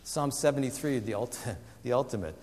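A man preaching a sermon, animated and dramatic, acting out the voices he quotes. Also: medium pitch, brisk, in a large hall. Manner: animated, acts out quoted voices with big swings. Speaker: pastor.

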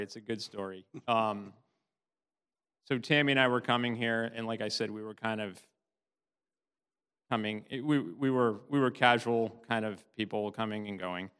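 A middle-aged man giving a tearful, halting personal testimony in church. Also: lowish voice, fairly bright tone, clear, resonant tone. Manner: halting, many restarts, laughs often. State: tearful, sobbing at times. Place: church hall. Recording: long hall reverb.

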